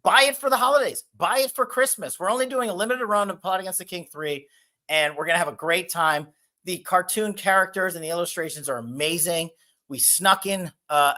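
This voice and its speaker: A man being interviewed as a guest, pitching his book and hammering political talking points. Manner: forceful, promotional, list-like talking points.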